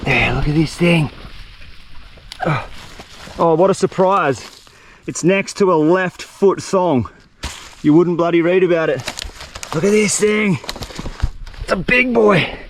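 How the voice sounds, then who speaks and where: A young man, chatting excitedly and slangily to the camera while exploring a tropical jungle outdoors. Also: high voice, slow pace, pauses often, slight background noise. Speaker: survival vlogger. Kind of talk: solo outdoor vlog narration.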